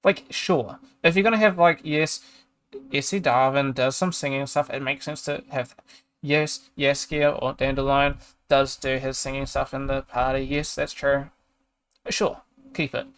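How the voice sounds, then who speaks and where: A man's voice: medium pitch, steady tone, a little slow, fairly bright tone, smooth. A streamer chatting casually, ranting in exasperation and swearing as he reads a review aloud and trails off mid-sentence. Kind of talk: casual chat while reading a review aloud.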